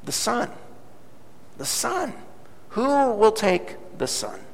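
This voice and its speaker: Pastor doing a dogged auctioneer, raised-pitch and animated, reverb-heavy hall sound. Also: male voice, moderate pace. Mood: pleading. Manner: persistent, announcing. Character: male auctioneer running a sale.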